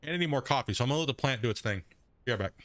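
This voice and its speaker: A man's voice: mid-range voice, animated, racing, a bit bright, no room sound. A man live streaming a game, chatting casually and rambling with lots of fillers like "man" and "right," sometimes talking between bites of food. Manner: talks between bites while eating. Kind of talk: casual live stream chat while playing.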